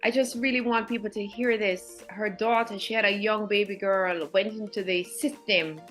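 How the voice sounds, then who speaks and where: A woman's voice: medium pitch, steady tone, moderate pace, faint music behind, poor audio. A woman guest educator telling personal stories in an earnest, heartfelt, faith-filled way, emotional and near tears.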